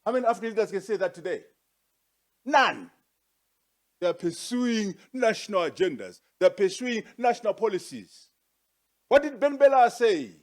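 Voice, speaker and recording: Male guest speaker, high voice, rhetorical and forceful, formal address. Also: sing-song, moderate pace, pauses often. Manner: rhetorical and emphatic, with repeated questions; forceful, with sharp rises for emphasis. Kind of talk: formal presentation to an audience.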